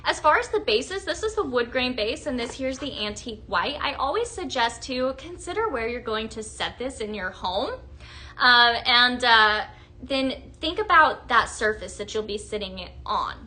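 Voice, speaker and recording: Woman, young, high-pitched, bright, gushing live sales host, chatty. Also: big pitch swings, normal speed. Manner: upbeat, gushing, chatty with viewers. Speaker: home fragrance product presenter.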